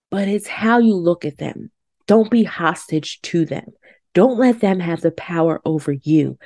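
A woman's voice: medium pitch, warm tone, no echo, studio quality. A woman in her forties hosting a podcast, talking in a heartfelt, emphatic way and repeating affirmations. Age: 40s. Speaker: podcast host. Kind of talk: personal reflective podcast talk.

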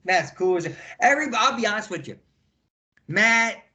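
An older man, a former wrestler, telling lively backstage stories in a casual interview and acting out the quotes. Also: sits high, moderate pace. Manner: animated storyteller acting out quotes.

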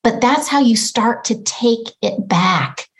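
Earnest higher-pitched woman guest. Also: animated, slow, poor audio. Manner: earnest, acts out her own inner voice. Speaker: podcast guest. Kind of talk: reflective conversation.

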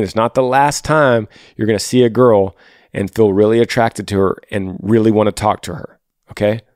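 A man's voice: fairly low pitch, a little mellow, dry recording, studio quality. A man hosting an advice podcast, talking earnestly and directly to a listener, often repeating his words for emphasis. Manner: earnest, repeats phrases, talks straight to listener. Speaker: podcast host.

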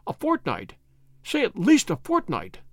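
A man reading the part of a proud, disgraced butler who pleads in a voice hoarse with emotion. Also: sits high, wildly swooping pitch, unhurried, dry recording, clean studio sound, voice pushed up, exaggerated voice. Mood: despairing. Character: proud, desperate male butler in middle age. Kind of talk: dramatic story reading.

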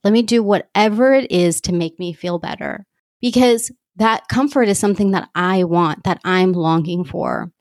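Woman, podcast host, candid and animated, mid-pitched voice, dry close sound. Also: moderate pace, dry recording. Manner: candid, animated, self-revealing. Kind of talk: personal reflective monologue.

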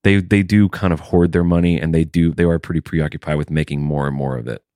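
A man's voice: a bass voice, steady tone, fast talker, mellow, no echo, studio quality. A man co-hosting a casual chat, wry and reflective, posing musing questions. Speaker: podcast co-host.

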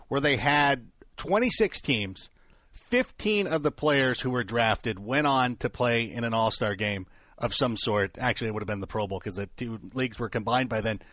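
A man's voice: mid-range voice, a bit bright, dry recording. Chatty male sports co-host, dry studio. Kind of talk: casual sports talk. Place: broadcast studio.

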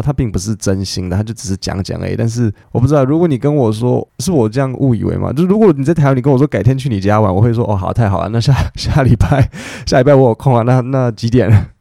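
A man hosting an English-learning podcast, explaining phrases in lively detail and acting out quoted lines. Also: mid-range voice, creaky, dry recording, clean studio sound. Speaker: podcast host teaching English.

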